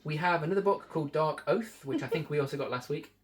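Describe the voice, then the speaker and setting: A man's voice: a little high, fast talker. A man from the shop staff, chatting casually through an unboxing with rambling, joking asides.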